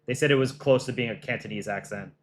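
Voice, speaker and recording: A man's voice: mid-range voice, fast talker, slight background noise. A man casually hosting a livestream, chatting with viewers in a loose way with restarts and frequent laughter. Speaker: animator and livestream host.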